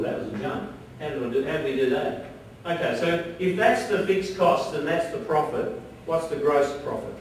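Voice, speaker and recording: A man presenting a live business seminar, chatty and often checking in with his audience. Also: fairly high pitch. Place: seminar room at an arts centre. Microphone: distant room mic. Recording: very echoey hall from far off, faint noise.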